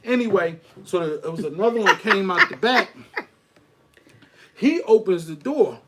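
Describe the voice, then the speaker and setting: A middle-aged man tells a story on his podcast. His voice sits a little high, and he delivers it in animated street slang. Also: normal speed, heavy background noise. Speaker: podcast host. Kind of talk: casual storytelling.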